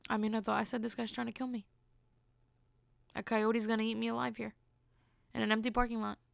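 Candid podcaster woman with a gravelly voice. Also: fairly high pitch, flat delivery, a little fast, no echo. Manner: blunt, candid storytelling with incredulous asides. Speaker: podcast host. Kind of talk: casual solo podcast monologue.

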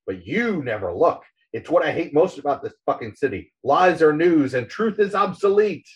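A man's voice: fairly high pitch, lively intonation, moderate pace, lightly acted. A man voicing a cynical male journalist who rants angrily and swears at people. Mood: ranting. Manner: angry ranting, profane.

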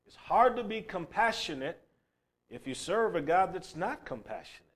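A man preaching a sermon who swings between loud, emphatic bursts and low, quiet passages, and tells stories along the way. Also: big pitch swings, moderate pace. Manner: storytelling, acting out a crying child's shouts.

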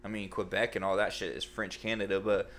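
A man's voice: lowish voice, little pitch movement, fairly quick, fairly bright tone, a little hiss or hum. A man hosting a casual podcast chat, rambling with many fillers and blunt opinions.

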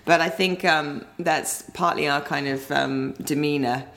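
A woman's voice: low voice, fairly even intonation, measured pace, creaky, fairly bright tone. A woman with an English accent, chatting as a podcast guest, laughing often and wandering into asides. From Britain. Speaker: interview guest. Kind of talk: casual podcast interview.

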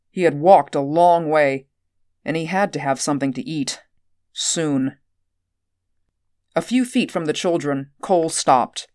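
A woman narrating an audiobook at a measured, steady pace. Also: low voice, no room sound, clean studio sound.

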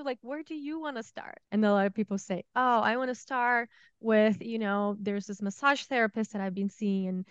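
Woman, support group leader, smooth clear voice, dry close mic, earnest and reassuring. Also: a little high, normal speed, fairly bright tone, no echo, dull audio. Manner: reassuring, earnest, thoughtful, trails off and restarts. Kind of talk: casual conversation.

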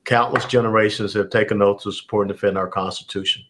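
Low-voiced Southern American man in his sixties. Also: fairly even intonation, fairly bright tone, a little hiss or hum. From Atlanta, Georgia, USA. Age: 60s. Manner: measured, formal, with frequent "uh" pauses. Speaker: guest. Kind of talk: interview answers.

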